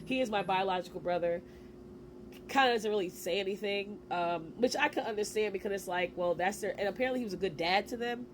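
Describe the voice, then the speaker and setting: A woman in her forties telling a personal story to camera in a casual, animated way, with slang and quick asides. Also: medium pitch, a little hiss or hum. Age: 40s. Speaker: vlogger.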